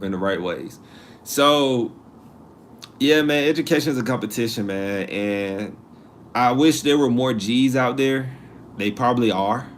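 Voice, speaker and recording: A man hosts a live stream in loose, slangy chat, answering viewers' comments as he reads them. His voice sits in the middle range, and he repeats and rephrases himself often. A faint noise hums behind him. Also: mid-range voice. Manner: animated, repeats himself, slangy asides and laughs.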